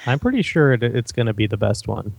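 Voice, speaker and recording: A man's voice: mid-range voice, very animated, fairly quick, gravelly, no room sound, rough recording. A man co-hosting a casual podcast, making dry wisecracks. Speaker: podcast co-host.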